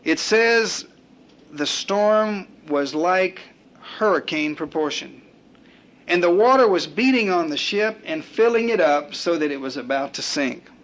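Slow, earnest male preacher. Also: sits high, animated, a bit bright. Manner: rhythmic, building repetition with dramatic pauses; acts out quoted prayers and complaints. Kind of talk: sermon.

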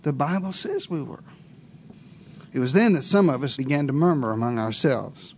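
A man preaching a dramatic sermon, telling the story in first person as one of the disciples, swinging between hushed asides and raised exclamations and asking his listeners questions. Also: medium pitch, lively intonation, normal speed, slight background noise. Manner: addresses listeners directly with rhetorical questions.

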